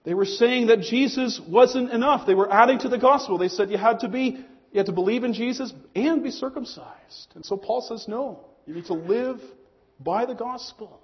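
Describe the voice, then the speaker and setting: Male pastor, earnest sermon delivery, muffled recording with hall reverb. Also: very high voice. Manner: earnest preaching, slowing on key phrases. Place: church hall. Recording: muffled long hall echo.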